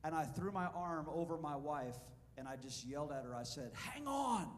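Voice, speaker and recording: Animated preacher man in an echoing hall. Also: a little high, fairly quick, a little hiss or hum. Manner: animated, asks the congregation questions. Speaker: pastor. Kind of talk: sermon with storytelling. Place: church sanctuary.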